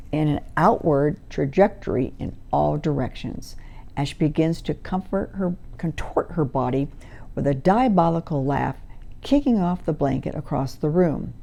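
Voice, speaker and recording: A woman hypnotherapist reading session stories from her own book in a calm, measured, soothing manner. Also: low-pitched, gravelly.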